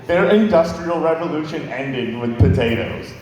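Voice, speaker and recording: A man's voice: fairly high pitch, mellow. A young man in his twenties doing stand-up storytelling, rambling and swearing with lots of fillers. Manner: rambling, profane, filler-heavy. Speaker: stand-up comedian. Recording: echoey hall with long reverb.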